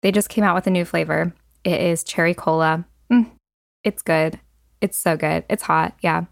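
A young adult woman hosting a solo podcast, talking casually with lots of "like" and "um" fillers and quick asides. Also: fairly low pitch, steady tone, vocal fry, dry recording, clean studio sound. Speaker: podcast host.

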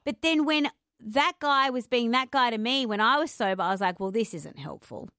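A woman in casual podcast chat, telling lively stories and acting out what people said. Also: high voice, normal speed, no echo, studio quality. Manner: lively storyteller who acts out quotes and laughs.

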